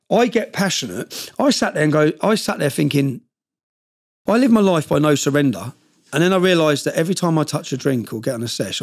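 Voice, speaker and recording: A middle-aged man, intensely telling his life story as a podcast guest, rambling with many restarts. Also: on the high side. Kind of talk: emotional personal storytelling.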